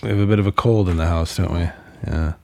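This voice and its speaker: Deep gravelly man, dry close sound. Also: fairly even intonation, fast, no room sound. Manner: agreeable, many yeahs. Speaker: podcast host. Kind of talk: casual chat.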